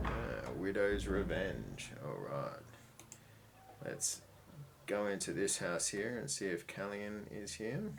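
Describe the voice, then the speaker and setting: A man casually commenting on a video game he plays, chatty, excitable and swearing often. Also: low-pitched, takes it slowly, vocal fry, noisy background. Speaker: let's play host. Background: game music.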